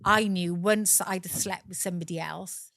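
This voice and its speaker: A woman's voice: on the low side, fairly even intonation, normal speed, creaky, a bit bright, dry recording, studio quality. A middle-aged woman from Wales with a South Welsh accent, a guest telling her own story candidly, swearing freely and acting out the voices of people in it.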